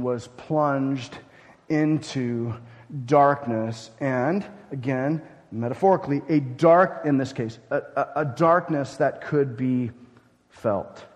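A man delivers a sermon from the pulpit, his pitch sitting high for a man. He is emphatic, rising to loud declarations and dropping to hushed phrases. His voice carries a long reverb, as in a large church. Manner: emphatic, with wide swings between loud and hushed. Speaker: pastor.

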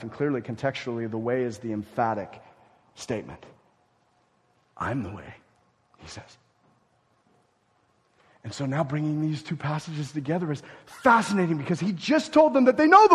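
A man preaching a sermon as pastor, swinging from loud emphatic lines to hushed, near-whispered ones. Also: sits high, in a large hall.

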